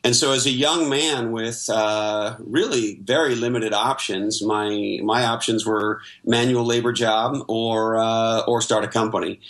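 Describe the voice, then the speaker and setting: A man's voice: on the low side, steady tone, unhurried, few pauses, fairly bright tone. A middle-aged man from Canada, a guest in an interview, telling his life story in a reflective way with many fillers. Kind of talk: interview conversation.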